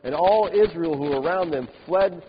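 A man with a fairly high voice preaches a sermon, reading scripture and then animatedly mocking the complainers he describes. The recording is dull and lo-fi, with a long hall reverb and a faint hiss behind him. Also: normal speed. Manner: animated, mocking the complainers with laughs and exaggerated quotes. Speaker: pastor.

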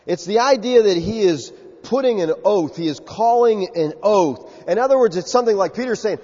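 A Southern man delivers an emphatic sermon, jumping into character for the quotes he tells. His voice sits high and breathy. The sound is a little muffled and carries a long hall echo. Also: animated, brisk, mellow. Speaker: pastor.

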